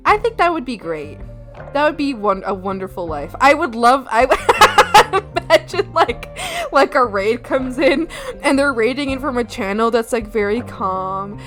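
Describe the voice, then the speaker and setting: A young woman with a slightly high voice chats loosely to her stream, rambling through stories full of fillers and breaking into giggles. Her humor is crude and playful. Quiet background music sits faintly under her voice. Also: animated, moderate pace. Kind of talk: casual live-stream chat. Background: soft background music.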